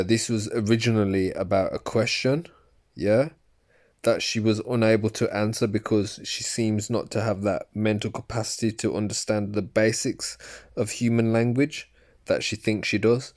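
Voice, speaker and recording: A man's voice: fairly low pitch, a little mellow. A man giving angry, profane commentary over a recorded argument. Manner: profane, ranting, insulting. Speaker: video commentator.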